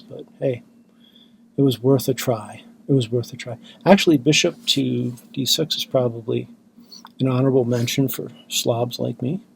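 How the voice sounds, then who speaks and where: A tired man giving self-mocking, deadpan commentary on his own blitz chess games. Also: medium pitch, vocal fry, a little hiss or hum. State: exhausted. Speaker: chess channel host.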